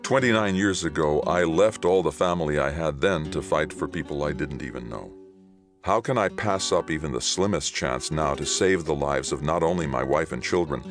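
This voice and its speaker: A man's voice: very deep voice, normal speed, faint music behind. A man reading as an earnest middle-aged governor.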